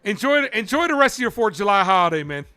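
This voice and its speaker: A young man with a strikingly high, bright voice argues with his chat during a live baseball stream and presses viewers for answers. His pitch swings widely as he pushes his point, then he drops back to call the count. Faint music plays behind him. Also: big pitch swings, fast. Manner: calls balls and strikes between rants.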